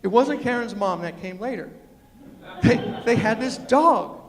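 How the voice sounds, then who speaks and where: A man's voice: high-pitched, animated, a little slow. A man giving a humorous storytelling speech at a university, punchy and emphatic, acting out the lines he quotes. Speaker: storyteller and motivational speaker. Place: university lecture hall. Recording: echoey hall, long reverb.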